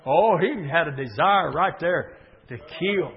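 A male preacher delivering a sermon in a church, building from steady talk into shouted bursts. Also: fairly high pitch, slow. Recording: dull recording in a reverberant church.

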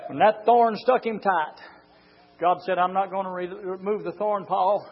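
A man preaching a fiery sermon, swinging from low, close talk to drawn-out shouted lines. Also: slightly rough, muffled recording. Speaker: pastor.

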